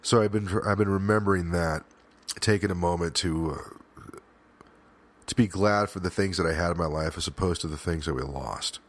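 Man, very low voice, podcast host, reflective monologue, earnest, emotional, halting. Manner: frequent restarts and fillers, swears at times.

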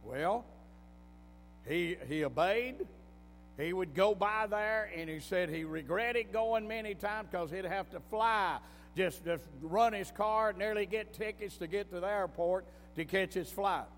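A preacher tells his sermon like a folksy story, his fairly high voice rising into emphatic bursts at a slightly slow pace. It echoes through a hall with long reverb, soft music playing underneath.

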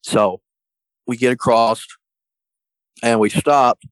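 A man telling a story in a folksy, colloquial way, getting animated when he quotes other people. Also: mid-range voice, slow, no echo, rough recording. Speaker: guest storyteller. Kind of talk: casual storytelling.

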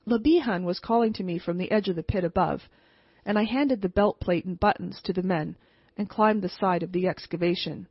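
A woman narrating an old ghost story as an audiobook in a measured, even way. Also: on the low side, breathy edge, no room sound. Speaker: audiobook reader. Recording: dull lo-fi home recording.

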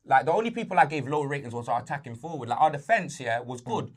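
A man's voice: medium pitch, lively intonation, fast talker. A young man ranting about his football team in casual slang, exasperated and emphatic. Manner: ranting, exasperated, street slang tags on every line. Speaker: football fan pundit.

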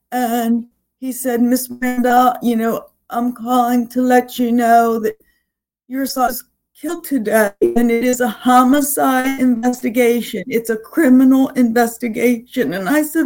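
A middle-aged woman, a guest on the show, giving a halting, emotional personal account as the mother of a murder victim. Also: high-pitched. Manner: halting, with many fillers and restarts.

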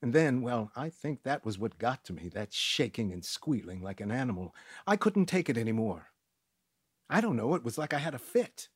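A man with a husky voice giving expressive first-person narration of an audiobook. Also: medium pitch, moderate pace, no echo, studio quality. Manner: expressive storytelling.

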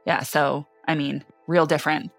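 A woman's voice: sits low, level tone, normal speed, creaky, faint music behind. A woman telling her personal story in an earnest way, close to tears at times. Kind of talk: emotional personal account.

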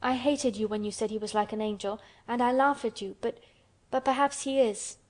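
Woman reading a sickly excitable boy; lift the voice, keep it eager and fretful. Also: normal speed, natural voice. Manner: eager and high-strung. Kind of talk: storybook character voice.

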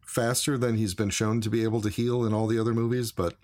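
Low-voiced man recapping a movie. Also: level tone, quick pace, a little mellow. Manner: plain, matter-of-fact retelling. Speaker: podcast co-host. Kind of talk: casual movie recap chat.

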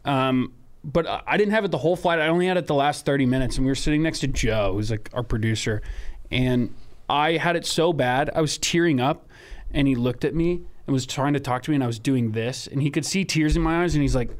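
A young man guesting on a podcast, candid and self-deprecating as he recounts things. His voice is an ordinary, mid-pitched man's voice. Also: fairly quick. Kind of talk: casual chat.

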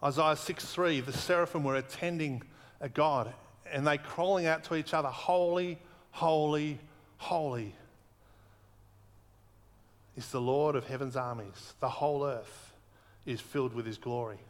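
A man preaching a sermon earnestly, slowing down and repeating words for emphasis. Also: medium pitch, big-room sound. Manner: earnest, emphatic repetition, slows for weight.

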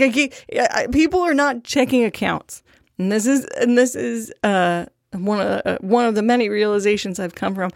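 A woman's voice: mid-range voice, no room sound, studio quality. A woman talking bluntly and sarcastically in a candid monologue, swearing often, laughing now and then and mimicking the phrases of others. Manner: blunt, profane, sarcastic, quotes others in mock voices; frequent laughter and fillers.

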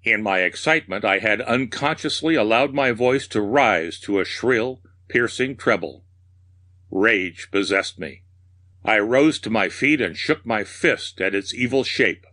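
A man narrating a horror story in a slow, deliberate delivery, giving every phrase room to land. His voice sits fairly low yet sounds bright and forceful, with a theatrical, ominous edge. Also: animated. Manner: measured, darkly theatrical narration. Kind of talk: dramatic reading of a horror tale.

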